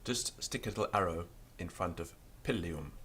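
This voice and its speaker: A man's voice: moderate pace, slight background noise. A man teaching a beginners' language lesson, patiently spelling out words letter by letter. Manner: lively pitch, stresses example words.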